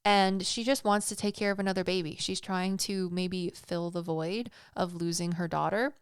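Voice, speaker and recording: A young adult woman hosts a podcast and retells an old myth in a chatty, slangy, playful way. Her voice is very clear and smooth, and the sound is close and dry. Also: fairly low pitch, fairly even intonation, normal speed, no room sound. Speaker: podcast host.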